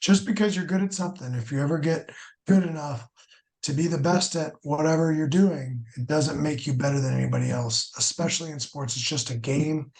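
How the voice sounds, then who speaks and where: A man's voice: a little high, fairly quick, gravelly, a little mellow. A middle-aged former hockey player, a man, chatting easily as a podcast guest. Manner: easygoing, many fillers. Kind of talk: casual chat.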